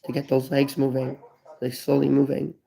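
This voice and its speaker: A man's voice: medium pitch, completely flat delivery, moderate pace, gravelly, mellow. A man in his thirties talking to his viewers in a personal vlog, grieving and distraught, repeating himself and swearing. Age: 30s. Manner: repetitive, profane, emotional. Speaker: vlogger.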